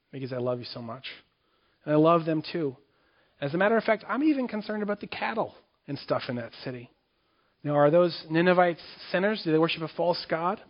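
A man preaching a sermon on scripture in a conversational way, acting out the quoted lines with sudden jumps in pitch. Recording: dull lo-fi recording.

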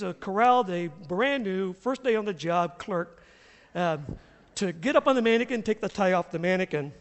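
A middle-aged pastor from the US South tells stories from the pulpit, animated and quick to chuckle. His voice sits high for a man and swings widely in pitch, with a long echo from the church hall. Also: creaky. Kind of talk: sermon with storytelling. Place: church sanctuary.

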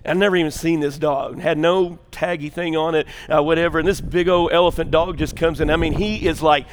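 An older man, preaching a sermon in a church with folksy storytelling, going from loud and animated to hushed and intense. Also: on the high side, a little fast, long reverb tail, slight background noise. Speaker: pastor.

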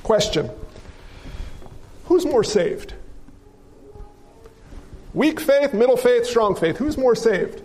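High-voiced preaching man in a hall. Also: slow, long pauses, soft background music. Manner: animated preaching with rhetorical questions and stories. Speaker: pastor. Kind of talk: sermon.

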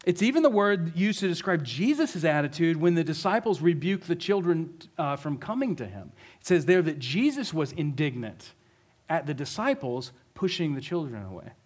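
A man's voice: on the high side, very animated, normal speed. A male pastor preaching a conversational sermon, telling a story vividly and asking the congregation rhetorical questions.

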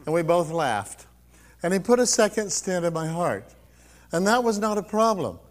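A man's voice: high-pitched, big pitch swings, moderate pace. An older man giving a personal testimony, telling his story with frequent laughs and quoting others as he goes. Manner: storytelling, laughs often, acts out quotes.

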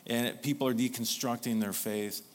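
A man's voice: mid-range voice, fairly even intonation, moderate pace. A male pastor delivering a sermon, drawing the congregation in with repeated call-and-response prompts.

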